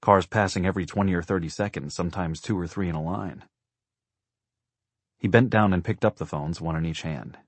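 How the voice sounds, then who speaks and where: Give me a low, husky man narrating an audiobook steadily. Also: a little fast, no room sound.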